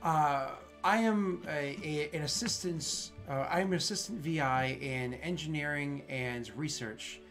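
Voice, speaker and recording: A man voicing an eager male engineering assistant AI who talks in formal, halting service phrasing. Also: fairly high pitch, a bit bright, soft background music. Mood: helpful.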